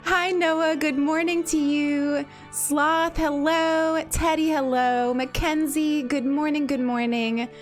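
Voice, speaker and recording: Woman streamer, high voice, bubbly and chatty, repeats herself, slight cough, faint music underneath. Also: steady tone, slow pace, hardly any pauses. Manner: bubbly, repeats phrases, laughs often. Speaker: livestream host. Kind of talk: casual livestream chat greeting viewers.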